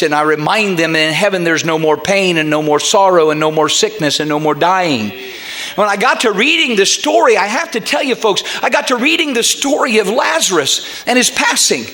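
A man preaching a sermon as pastor, swinging into loud shouted passages and stumbling over repeated words. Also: on the high side.

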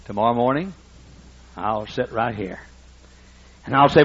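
A man in his sixties preaching a sermon, emphatic and repetitive as he builds toward shouting. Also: mid-range voice, animated, moderate pace, breathy edge, dull audio. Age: 60s. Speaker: pastor.

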